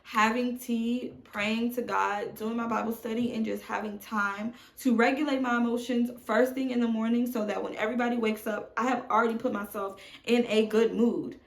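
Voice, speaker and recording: A woman's voice: fairly high pitch, steady tone, normal speed, hardly any pauses. A woman in her thirties, a mom vlogger, talking candidly and emotionally to camera from home, calling her viewers y'all. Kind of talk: candid confessional chat to camera. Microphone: phone on tripod. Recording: echoey room.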